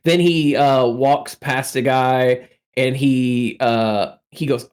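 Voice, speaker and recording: A man's voice: mid-range voice, fairly even intonation, slow, darkish tone, clear, resonant tone. A man running a tabletop game as game master, narrating loosely with many fillers.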